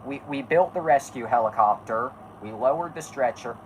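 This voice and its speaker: A streamer reacting aloud to a video, loud and excitable, swearing and laughing a lot. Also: mid-range voice, normal speed, a little hiss or hum, rough recording. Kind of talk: reacting while watching a video.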